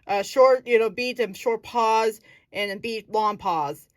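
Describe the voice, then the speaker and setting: A woman's voice: on the high side, a little slow, no room sound. A woman casually explaining her acting technique. She thinks aloud, searches for words and corrects herself as she goes. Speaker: acting student.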